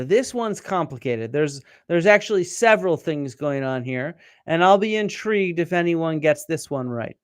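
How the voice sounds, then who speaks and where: A middle-aged man hosts a live-stream science chat, explaining things step by step and quizzing his viewers. His voice sits high and sounds smooth and resonant, with plenty of fillers and restarts. It is recorded dry and close to the mic. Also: animated, normal speed, hardly any pauses, dry recording. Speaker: archaeologist and show host.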